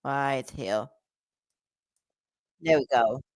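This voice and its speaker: A woman's voice: rumbling low, takes it slowly. A woman casually commenting over a video she is watching, with chatty, apologetic asides. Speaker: reaction video host.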